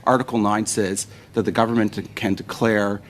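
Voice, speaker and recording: A man questioning a minister in a parliamentary hearing, insistent and pressing. His voice runs low. There is faint room ambience behind him. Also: flat delivery, moderate pace, a little hiss or hum.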